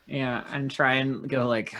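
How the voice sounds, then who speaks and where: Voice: mid-range voice, steady tone, measured pace, fairly bright tone, rough recording. A player in a tabletop game talking in a hesitant, self-deprecating way.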